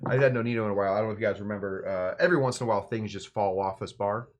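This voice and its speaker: A man's voice: on the low side, very fast. Rambling man hosting a cocktail show. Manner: rambling, joking, self-interrupting. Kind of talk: casual rambling cocktail demo.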